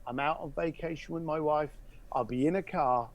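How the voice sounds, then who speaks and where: A man's voice: a little high, pitched below the performer's own voice, lightly acted. A man voicing an earnest adult male caller who halts and stumbles as he explains himself. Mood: hushed, tender. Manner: halting, hesitant, full of fillers.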